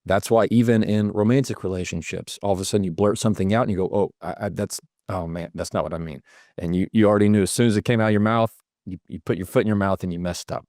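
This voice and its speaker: Man, guest giving advice, fairly low voice, dry close sound, acts out example lines. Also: steady tone, racing, darkish tone, no echo. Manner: illustrates points with acted-out sample lines. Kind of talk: conversational advice.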